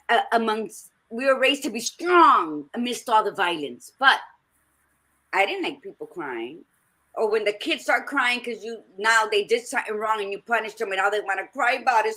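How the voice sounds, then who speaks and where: A woman co-hosting a podcast, blunt and animated, telling stories in casual talk and swearing freely. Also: medium pitch. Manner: blunt, animated storytelling with profanity. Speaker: podcast co-host. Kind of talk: casual conversational discussion.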